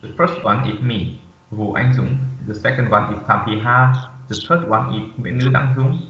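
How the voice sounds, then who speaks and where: Young man, student presenter, halting reading, echoey room, distant muffled mic. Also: mid-range voice. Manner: halting, reads aloud with frequent "uh" fillers. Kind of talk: class presentation read from slides.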